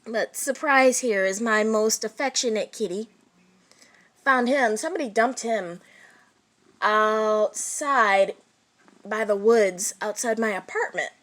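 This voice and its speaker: A woman vlogger chatting casually about her pets, relaxed and rambling. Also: a little high, takes it slowly. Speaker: pet owner vlogger. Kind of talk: casual chat.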